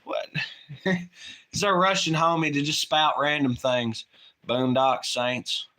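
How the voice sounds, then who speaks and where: Brief: casual late-night streamer guy, swears freely and rambles, with a bright, edgy tone. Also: fairly high pitch, slow pace. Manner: rambling, profane, laughs often. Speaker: livestream co-host.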